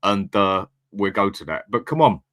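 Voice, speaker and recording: A man's voice: fairly low pitch, lively intonation, moderate pace, fairly bright tone. A man hosting a casual live fan call-in show, chatty, reading comments aloud and laughing often. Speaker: host of a fan call-in livestream.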